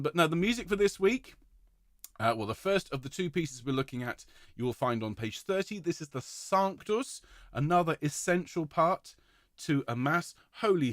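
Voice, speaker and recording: A man's voice: mid-range voice, no echo. Enthusiastic male choir director, dry sound. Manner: enthusiastic, warm praise, demonstrates sung vowels. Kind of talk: online choir rehearsal talk.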